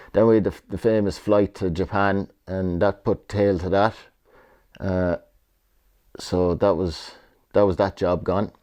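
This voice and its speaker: A middle-aged Irish man with a low, deep voice and a mellow, relaxed tone. He rambles loosely through old stories, doubling back on his words and dropping the odd swear in easy conversation. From Ireland. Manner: rambling, repeats himself, swears freely. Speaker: retired jockey. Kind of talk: casual reminiscing interview.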